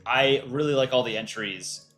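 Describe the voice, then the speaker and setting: A man hosts a casual livestream, answering chat questions in a relaxed, offhand manner. He thinks aloud with frequent ums, at an ordinary middle pitch, with faint music underneath. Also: normal speed. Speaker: livestream host for a countryball animation channel.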